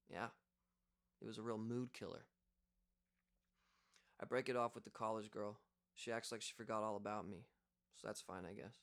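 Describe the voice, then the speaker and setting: A man's voice: fairly low pitch, steady tone, moderate pace, long pauses, fairly bright tone. A young man reading a first-person audiobook in a casual, conversational way. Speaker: audiobook reader.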